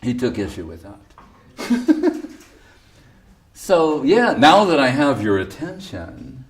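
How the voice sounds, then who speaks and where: A male spiritual teacher, seated, giving a devotional sermon with provocative, animated storytelling and frequent laughter. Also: mid-range voice, slow pace, recorded from a distance, a little hiss or hum. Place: indoor temple hall, seated.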